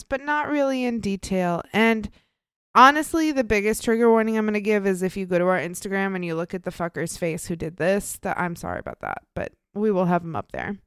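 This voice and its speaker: A woman's voice: medium pitch, very animated, moderate pace, fairly bright tone, smooth, no room sound. A woman co-hosting a true crime podcast, talking in a casual, upbeat, chatty way with lots of fillers. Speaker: podcast co-host presenting the case.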